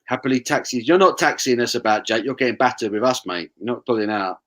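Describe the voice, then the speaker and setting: A man's voice: medium pitch, fast talker, fairly bright tone. A man co-hosting a casual live-stream chat, rambling in friendly banter.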